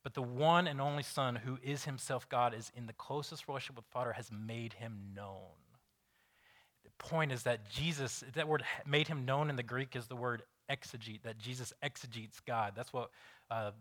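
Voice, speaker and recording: A man's voice: mid-range voice, moderate pace, fairly bright tone. A man in his thirties preaching a sermon in a conversational, storytelling way, often restarting sentences. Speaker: pastor.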